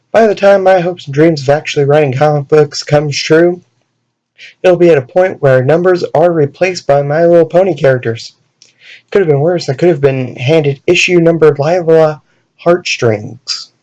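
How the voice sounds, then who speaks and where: A man's voice: on the high side, mellow, lo-fi sound. A man hosting a comedic commentary vlog, jokey and self-mocking, fond of puns. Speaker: video host.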